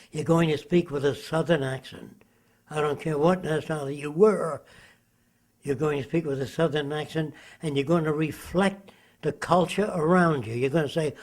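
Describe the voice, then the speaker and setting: A man's voice: a little high, a little mellow. A man in his nineties giving emphatic, lecturing interview answers and often asking rhetorical questions. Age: 90s.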